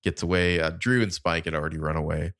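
A man co-hosting a podcast, recapping a show in a relaxed, filler-heavy way over a remote call. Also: deep voice, fast, dry recording, clean studio sound. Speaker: podcast co-host. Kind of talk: casual chat. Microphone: remote call setup.

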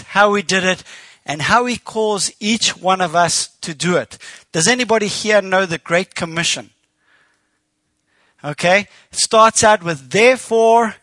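A man's voice: sits high, sharp tone, dry recording. A man with a South African accent preaching as a guest speaker, telling stories with animation and acting out quoted speech. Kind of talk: sermon. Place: church.

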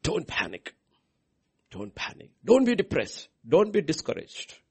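A man preaching a sermon as pastor, swinging between hushed lines and loud, high outbursts. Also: wildly swooping pitch, normal speed, slightly rough.

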